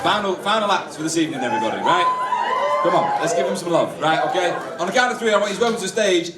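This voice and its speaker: A man's voice: high-pitched, lively intonation, very fast, very noisy. A man working as MC, hyping the audience as he introduces the final act. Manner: hyping the crowd. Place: comedy club stage. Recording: echoey club, far from mic, loud crowd.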